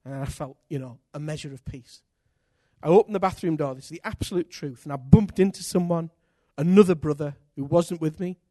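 A man preaches, telling personal stories in an animated, candid way and poking fun at himself. His voice sits high for a man. The recording is dry and close. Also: a little fast, dry recording. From Britain. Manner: animated, candid, self-mocking humor. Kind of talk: sermon with personal storytelling.

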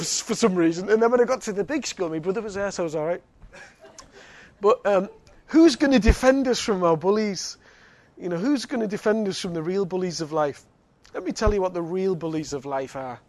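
A man's voice: high-pitched, brisk, darkish tone, no room sound. A man, preaching a sermon and telling a personal story with laughter and frequent restarts. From Northeast England.

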